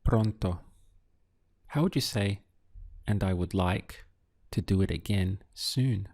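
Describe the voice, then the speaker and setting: Slow gravelly male language teacher. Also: deep voice, a little mellow. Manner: patient, pauses between short phrases. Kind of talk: slow, clear language lesson.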